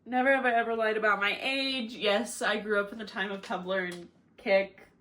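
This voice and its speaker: A woman's voice: medium pitch, steady tone, normal speed, bright, forceful tone. A young American woman, audibly drunk, rambles through a casual vlog. She swears freely, laughs at her own stories and mocks herself while she talks. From United States. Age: young adult. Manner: rambling, laughing, crude and self-mocking. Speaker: vlogger.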